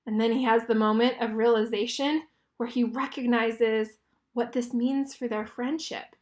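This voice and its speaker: High, bright woman reading to kids. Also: fairly even intonation, moderate pace. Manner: explains pictures, asks children questions. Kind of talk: reading a picture book aloud to children.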